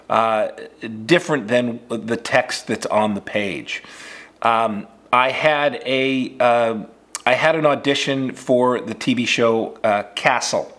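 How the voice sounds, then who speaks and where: A man who is an acting coach, telling an audition story in a relaxed, conversational way with plenty of fillers. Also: mid-range voice. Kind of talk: casual instructional storytelling.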